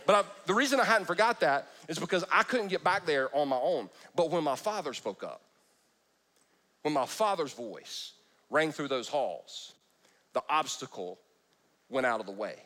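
A man preaching a sermon in church, his voice running a bit high for a man and rising and falling a great deal. He jokes with the congregation and keeps breaking off his own sentences. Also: lively intonation, normal speed, pushed and bright. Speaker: pastor.

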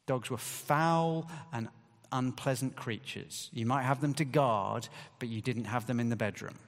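Male preacher, conversational sermon, mid pitch, emphatic stresses, long hall reverb. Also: unhurried.

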